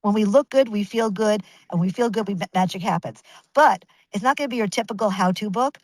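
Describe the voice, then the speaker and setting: A woman in her fifties, a guest telling a long personal tale in a lively, chatty rush, full of restarts and little acted-out quotes. The sound is close and dry, with no room around her. Her pitch sits in an ordinary middle range. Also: fairly quick, no room sound, rough recording. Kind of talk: casual storytelling interview.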